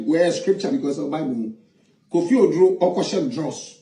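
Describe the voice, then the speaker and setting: Ghanaian guy ranting and joking, higher voice, roomy echo, sounds far off the mic. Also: expressive, normal speed, mellow. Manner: mocking, theatrical, mixes preaching and jokes. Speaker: commentator. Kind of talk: animated social-media commentary. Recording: echoey sound from a distance.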